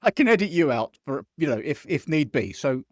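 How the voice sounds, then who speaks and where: Animated sweary man hosting a podcast. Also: on the high side, fairly quick, no echo, studio quality. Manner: animated, sweary, mimics others in put-on voices. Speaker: podcast host. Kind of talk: casual football podcast chat. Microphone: video call mic.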